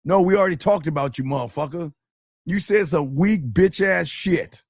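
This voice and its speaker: Man, advice show host, brash, crude, mocking, emphatic, high-ish voice, dry close sound. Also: normal speed, no room sound.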